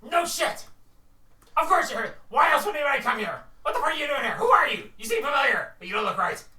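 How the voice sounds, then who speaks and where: A furious, possessive kobold who has reached middle age, shrieking high and swinging wildly in pitch. He yells and swears at anyone who comes near his tower, and the voice sounds bright and sharp, picked up from a distance in a roomy space. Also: animated, fast talker. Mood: hostile shouting. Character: cranky middle-aged male kobold guarding his tower. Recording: roomy room, distant mic, faint hiss.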